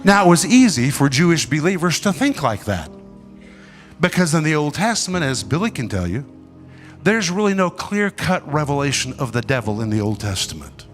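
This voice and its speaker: A man preaching a sermon with emphatic, dramatic delivery, pausing and swinging between loud and soft. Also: on the high side, big pitch swings, soft background music.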